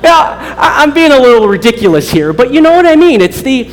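A man's voice: very high voice, very animated, brisk, long reverb tail, some chatter behind. A man preaching a sermon to students, earnest, often restarting his phrases and acting out the voices he quotes. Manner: earnest, many repeated starts, acts out quoted voices. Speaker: campus preacher. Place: college hall.

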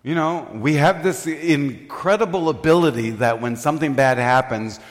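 A man's voice: on the high side, moderate pace. An older man preaching in a humorous, self-mocking storytelling way, often laughing. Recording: reverberant hall.

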